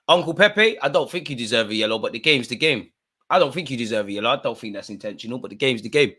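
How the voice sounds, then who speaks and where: A man, voice bright and sharp-edged, commentating live on a football match for a watch-along crowd. He grumbles low at bad calls, then bursts into loud cheering and yelling at the players, all in casual street slang. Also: lively intonation, a little fast, long pauses. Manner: exasperated, heckling the referee, swings between muttering and shouting.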